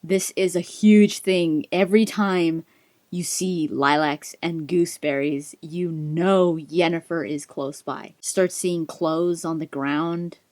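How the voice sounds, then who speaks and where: Enthusiastic woman gaming host with a low voice, casually retelling a fantasy story; dry recording. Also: steady tone, takes it slowly, darkish tone, dry recording. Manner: chatty, giggly, enthusiastic.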